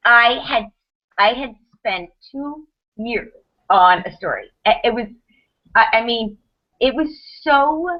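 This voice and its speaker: A woman in her thirties on a podcast panel, telling a personal story in quick, animated bursts with restarts and laughs. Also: fairly high pitch. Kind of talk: casual storytelling chat. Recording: dull lo-fi podcast audio.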